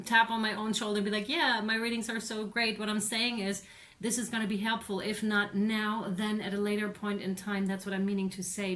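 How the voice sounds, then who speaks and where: An excitable woman giving a casual tarot reading, talking straight to her viewers, swearing now and then and laughing often. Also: medium pitch, slight background noise. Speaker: tarot reader.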